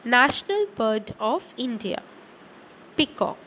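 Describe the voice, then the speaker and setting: A woman teacher giving a slow, deliberate lesson to children, reading words out one by one. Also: on the high side, sing-song, a bit bright, slight background noise, rough recording. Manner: slow and deliberate, reads word lists aloud; addresses children directly.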